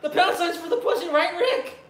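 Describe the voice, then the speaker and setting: A man doing an impression of an anxious, stammering teenage cartoon sidekick in a high, whiny voice. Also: animated, fairly quick, fairly bright tone, echoey room. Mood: anxious whining.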